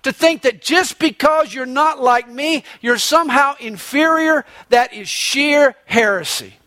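A man's voice: extremely high pitch, unhurried, pushed and bright, no echo. A man preaching a sermon as pastor, emphatic, telling stories and quoting scripture. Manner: emphatic preacher telling a joke with quoted voices.

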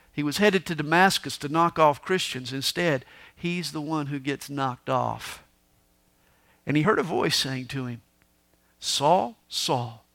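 A man preaching a sermon, moving between booming emphasis and hushed, quiet asides as he tells the story. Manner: dramatic preaching, swings from loud to hushed. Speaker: pastor.

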